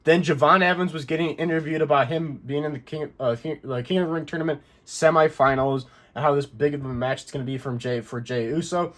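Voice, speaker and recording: A man's voice: a little high, fairly even intonation, brisk, hardly any pauses, a bit bright. A man hosting a casual wrestling recap, rambling through the action and correcting himself as he goes. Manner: rambling, self-correcting play-by-play. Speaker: wrestling recap channel host.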